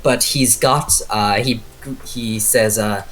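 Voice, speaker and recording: A man's voice: on the low side, steady tone, slow, few pauses, fairly bright tone. A man narrating as game master of a tabletop horror game, casual and rambling with many fillers.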